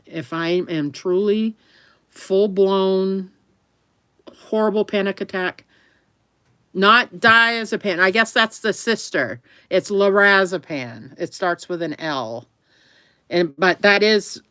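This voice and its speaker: A woman's voice: mid-range voice, fairly bright tone, clear, resonant tone, dry recording. A woman talking to camera in a rambling, chatty way, often laughing. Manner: talks affectionately to her dog between remarks. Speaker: vlogger. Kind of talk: casual chat to camera.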